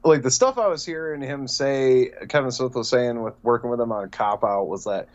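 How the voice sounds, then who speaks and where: A man at an ordinary middle pitch talks on a podcast, rambling and circling back through fillers and restarts. He swears casually. The audio is dull and lo-fi. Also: moderate pace. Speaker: podcast co-host. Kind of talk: casual chat.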